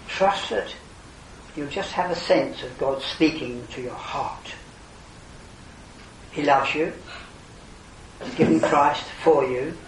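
An older man preaching an earnest evangelistic sermon, his voice swelling to emphatic calls and then falling quiet. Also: fairly high pitch, a little hiss or hum. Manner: earnest, rising to emphatic exclamations then dropping soft. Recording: roomy hall, distant mic, faint ambience.

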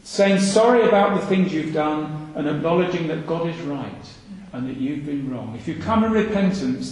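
A man's voice: fairly high pitch, darkish tone. A man preaching a sermon, earnest and full of rhetorical questions, repeating his phrases for emphasis. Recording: echoey hall reverb.

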